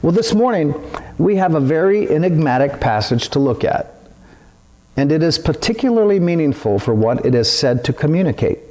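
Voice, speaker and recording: A male pastor giving a sermon, speaking deliberately with an animated, teaching inflection. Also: fairly high pitch.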